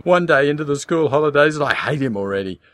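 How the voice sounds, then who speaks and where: A man reading an audiobook, voicing a hysterical, shrill grown mother at her wits' end who sobs and screams. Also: lively intonation, moderate pace, creaky, dry recording. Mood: sobbing despair.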